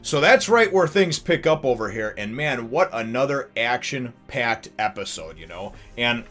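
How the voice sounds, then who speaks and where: A man hosting a casual episode review, rambling and animated, full of fillers, chuckles and acted-out bits. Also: medium pitch, moderate pace, soft background music. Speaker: anime reviewer and channel host.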